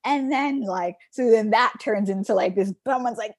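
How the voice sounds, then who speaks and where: A young woman co-hosting a podcast tells a story in a relaxed, chatty way, bringing it to life by voicing the people she quotes. Her voice sits fairly high and moves at a moderate pace, captured in a dry, studio-quality recording.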